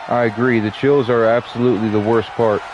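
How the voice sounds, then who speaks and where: A man calls wrestling play-by-play with a stuffy, blocked-up nose. His delivery is casual, and he slips in joking asides between moves. A steady hiss of noise sits under his voice. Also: mid-range voice, fairly quick, dull audio. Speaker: play-by-play commentator. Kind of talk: wrestling commentary.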